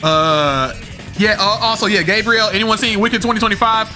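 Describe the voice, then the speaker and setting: A man's voice: high-pitched, normal speed, pushed and bright, faint music behind. A young man streaming a game, chatting to his viewers in a rambling, slangy way, with lots of fillers and the odd swear word. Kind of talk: live-stream chat with viewers.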